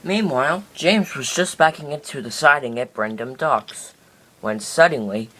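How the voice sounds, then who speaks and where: A man's voice: medium pitch, moderate pace, sharp tone. A man improvising narration of a toy train story, rambling with many restarts and fillers.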